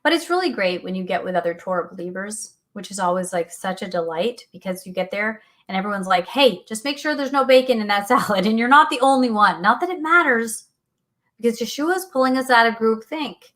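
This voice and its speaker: A woman's voice: medium pitch, expressive, brisk, a bit bright. A middle-aged woman hosting a faith talk show, speaking earnestly and animatedly, often laughing, reading out listener comments. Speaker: radio show host.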